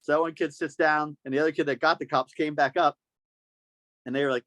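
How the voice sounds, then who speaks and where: A man hosts a casual podcast. His voice sits a little high, and the recording is close and dry. He tells his story with animation, acting out every voice in it. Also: fairly even intonation, brisk, fairly bright tone, no room sound. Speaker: podcast host.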